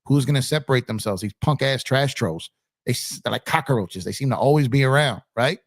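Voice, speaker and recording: A man's voice: mid-range voice, brisk, no room sound, studio quality. A man hosting a casual live-stream sports chat, recovering from a cold, laid-back and repeating himself as he reads out chat.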